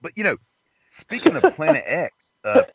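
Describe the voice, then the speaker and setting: A man hosting a call-in show, telling stories in a crude, excitable way. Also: fairly high pitch, moderate pace, breathy edge, dry recording, highs cut off. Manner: crude, excitable, laughing storyteller. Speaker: host. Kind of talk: casual chat.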